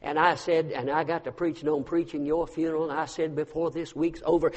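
High-voiced preacher in a reverberant church. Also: male voice, little pitch movement, a little fast. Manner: storytelling, swinging from hushed to loud. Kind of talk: sermon. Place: church sanctuary. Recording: long reverb of a large hall.

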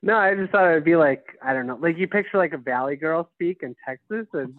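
A man's voice: a little high, animated, brisk, no echo, narrow, tinny audio. A man from Wisconsin co-hosting a podcast, joking around in casual, chatty talk. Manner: jokey, chatty. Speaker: podcast co-host. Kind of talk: casual chat.

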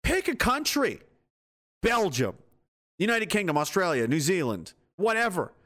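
A man's voice: high-pitched, sing-song, a little slow, sharp tone. A man giving angry, profane, sarcastic political commentary.

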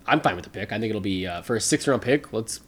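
A man's voice: lowish voice, animated, fast. Guy rambling through a sports podcast, loose and chatty, lots of ums and likes. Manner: rambling, conversational, many fillers. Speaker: podcast co-host. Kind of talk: casual sports chat.

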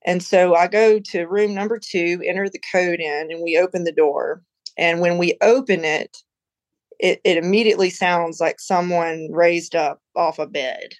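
Recorded dry and with poor audio quality, a woman with a lowish voice appears as a podcast guest. She rambles through a personal story in casual, chatty fashion, often saying "you know" and "like."

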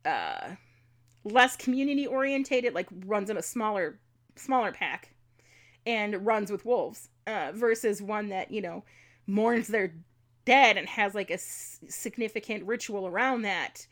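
A woman co-hosting a podcast reads folklore notes in casual chat, saying um a lot and laughing at her own mispronunciations. Her voice is medium-pitched and animated, and her pace measured.

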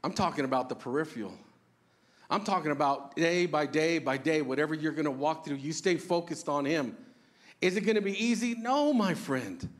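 A pastor preaching an earnest, conversational sermon, asking the congregation questions and joking about himself. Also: male voice, a little high, lively intonation, normal speed. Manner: self-deprecating humor.

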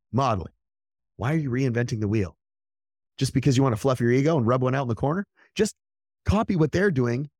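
A man hosting a solo podcast as a business coach, blunt and profane, who fires off motivational points and acts out what other people say in quick asides. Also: medium pitch, no room sound, clean studio sound.

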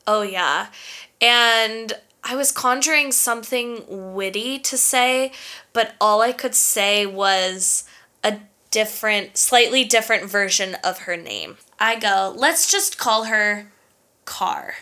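A woman's voice: medium pitch, slow pace, pushed and bright. Sassy, profane young woman telling a story. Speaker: podcast co-host. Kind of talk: casual storytelling chat.

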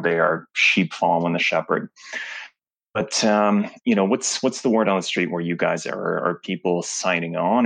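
A male caller with a very low, gravelly, husky voice. He asks wry, conspiratorial questions in a casual way. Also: fairly bright tone. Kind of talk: casual call-in chat.

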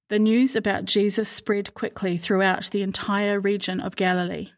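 A woman reading a Bible passage aloud in a calm, measured way, slowing down for the quoted words. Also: mid-range voice. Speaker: Bible reader. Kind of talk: scripture reading.

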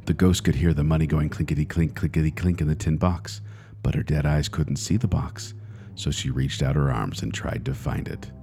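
Deep-voiced man reading a spooky story. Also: animated, gravelly, mellow, slight background noise. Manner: deliberate, building suspense. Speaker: podcast host.

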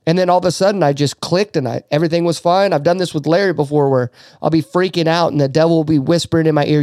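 A man's voice: fairly high pitch, steady tone, quick pace, few pauses, a little mellow, dry recording, studio quality. A middle-aged man hosting a podcast, telling an emotional faith story in casual talk with many restarts and fillers. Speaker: podcast host.

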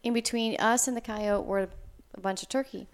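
A woman telling her own story in casual chat, animated and excitable, acting out what she said. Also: on the high side, moderate pace. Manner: animated, excitable, quotes herself.

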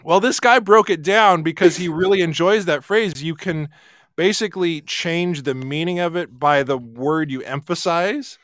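A man's voice: on the high side, normal speed, fairly bright tone, dry recording, studio quality. A man co-hosting a casual morning show, riffing on jokes and laughing often. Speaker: podcast co-host. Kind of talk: casual chat.

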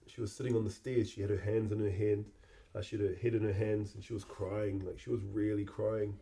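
A middle-aged man, hosting a podcast and telling a personal memory in a halting, reflective way that often repeats words. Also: fairly low pitch, little pitch movement, gravelly, mellow. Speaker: podcast host.

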